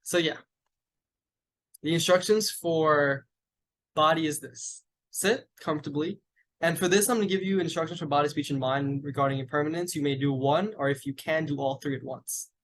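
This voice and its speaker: A man teaching Buddhist meditation, giving slow, deliberate guided instructions. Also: a little high, fairly bright tone. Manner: slow, deliberate, with long pauses.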